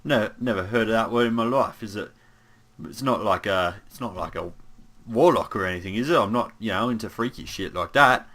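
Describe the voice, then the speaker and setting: A man's voice: fairly low pitch, a little fast, a bit bright. A man voicing a bumbling, easygoing young human paladin in an in-character monologue, rambling with lots of fillers and asides.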